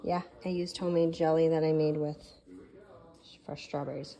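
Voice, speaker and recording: A woman's voice: low voice, level tone, moderate pace, warm tone. A woman talking through her baking in a chatty, gushing kitchen vlog. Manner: chatty and gushing, with many fillers. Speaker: home cooking vlogger.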